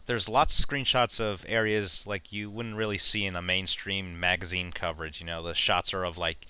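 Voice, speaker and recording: A man's voice: sits low, steady tone, moderate pace, pushed and bright, clean tone. A man hosting a casual gaming podcast, reading out news items and chatting with many fillers and frequent laughs. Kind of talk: casual chat.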